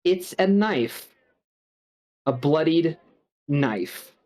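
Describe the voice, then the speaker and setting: A man's voice: on the high side, animated, extremely slow, a little mellow. Casual male game master, loose filler-heavy narration.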